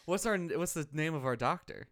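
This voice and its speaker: A man hosting a comedy podcast in casual chat, playful and quick to laugh. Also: a little high, expressive, a bit bright, dry recording. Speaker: podcast host.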